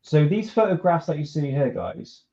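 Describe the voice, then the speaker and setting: A man's voice: fairly high pitch, sing-song, moderate pace, gravelly, warm tone. Laid-back man, lo-fi. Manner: laid-back, chuckling, restarts a lot. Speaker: podcast host. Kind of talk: casual chat. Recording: dull lo-fi sound.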